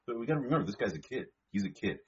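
A man's voice: mid-range voice, sing-song, very fast, darkish tone, breathy edge, highs cut off. A man co-hosting a sports talk show, easygoing and conversational, often repeating words.

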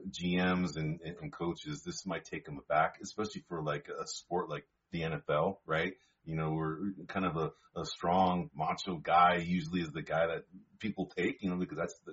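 A man co-hosts a sports talk show, talking in an easygoing, conversational way and repeating words as he thinks. His voice is deep and husky. The audio is dull and lo-fi.

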